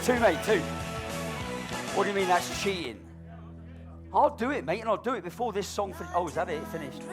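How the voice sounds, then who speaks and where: High-voiced cheeky stage comic, man. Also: lively intonation, brisk, over music. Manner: cheeky, cajoling banter with audience volunteer. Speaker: balloon performer. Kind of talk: live stage comedy patter. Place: stage before a live audience.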